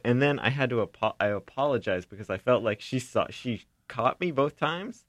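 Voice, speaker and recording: A man co-hosting a podcast, telling a story sheepishly with halting, self-deprecating talk. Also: mid-range voice, expressive, fairly bright tone, dry recording. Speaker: podcast co-host. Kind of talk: casual chat.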